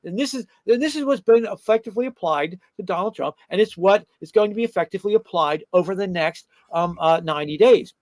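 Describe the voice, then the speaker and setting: A man's voice: sits high, expressive, fast talker, few pauses, a little mellow, no room sound. A middle-aged man hosting a political talk show, rambling and combative, with lots of fillers and restarts.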